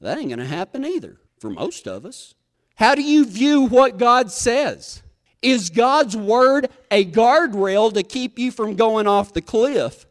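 Folksy cowboy preacher, lively pitch. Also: male voice, measured pace. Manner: folksy storyteller, drawling, self-mocking humor. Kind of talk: sermon with a comic rodeo story.

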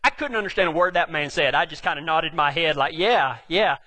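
A man with a West Texas drawl preaches in a high voice, wandering through cowboy yarns with plenty of jokes. His tone is bright and forceful, and his speech is packed with ranch slang. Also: fast talker. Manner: folksy, rambling, joking, with cowboy slang. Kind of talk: storytelling sermon to a live audience.

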